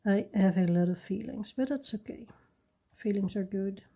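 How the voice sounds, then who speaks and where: A woman hosting a coloring video, chatting casually and rambling softly while she works at her desk. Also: mid-range voice, moderate pace, vocal fry. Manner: soft-spoken, rambling, with little laughs. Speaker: coloring channel host.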